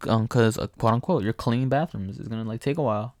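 A young man telling a profane, animated story in casual chat, often laughing. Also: mid-range voice, fast, no room sound.

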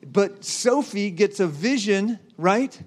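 High-voiced man preaching emphatically. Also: animated, slow pace. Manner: emphatic preaching with repeated rhetorical questions. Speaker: pastor. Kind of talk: sermon.

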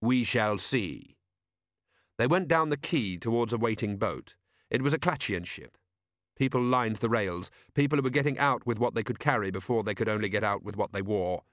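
A man narrating an audiobook in a steady, wry storytelling manner. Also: on the low side, brisk, no echo, clean studio sound. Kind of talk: scripted narration.

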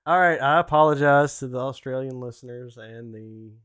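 A man's voice: medium pitch, normal speed, fairly bright tone, smooth, no echo, studio quality. A man, co-hosting a casual podcast chat and teasing dryly. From Southern United States. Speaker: podcast co-host.

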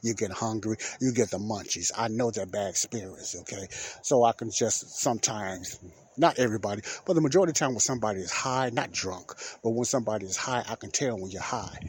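A man's voice: fairly quick, breathy edge. A middle-aged man hosting a podcast, telling a personal story in a rambling, repetitive way and acting out the quoted dialogue. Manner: rambling, repeats phrases, acts out quoted dialogue with raised pitch. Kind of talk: casual storytelling monologue.

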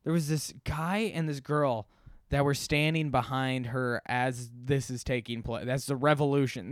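A man's voice: mid-range voice, measured pace, no room sound, clean studio sound. A man telling a story from his job in a casual, rambling, profane way, with many fillers and self-deprecating asides.

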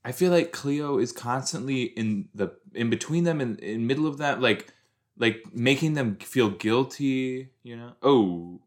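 A man's voice: medium pitch, animated, unhurried. A young man hosting a podcast, giving casual running commentary as he watches an episode. He rambles with fillers and pokes fun at himself. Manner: chatty, self-deprecating, rambling with fillers. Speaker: podcast host.

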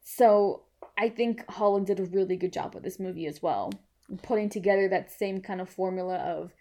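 A woman chatting on a podcast about a film she loves. She gushes and swears freely, piling on fillers and restarts as she talks, in a relaxed, casual way. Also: medium pitch, normal speed. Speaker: podcast co-host. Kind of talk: casual movie podcast chat.

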